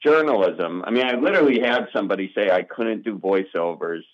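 A man's voice: lowish voice, fairly quick, muffled recording. A man, a comedian guest chatting casually in an interview, rambling with frequent restarts. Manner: rambling, restarts often, self-deprecating.

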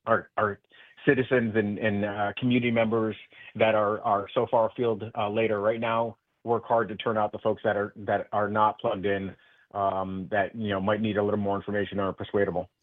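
A man's voice: fairly low pitch, level tone, a little fast, no room sound. A man speaking as a guest in a radio interview by phone, passionate and earnest, with many restarts. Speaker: political guest. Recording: tinny phone line.

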